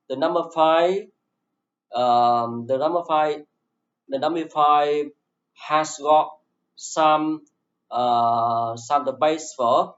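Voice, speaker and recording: A man teaching an English grammar lesson in a classroom, slowly repeating each phrase for his students in non-native English with small grammar slips. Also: on the high side. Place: classroom with a board. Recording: echoey, distant, dull lo-fi classroom recording.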